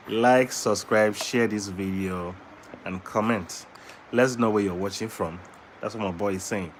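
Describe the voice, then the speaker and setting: A man vlogging at home with his baby son, switching between slow casual talk and high cooing baby talk and singing. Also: a little hiss or hum.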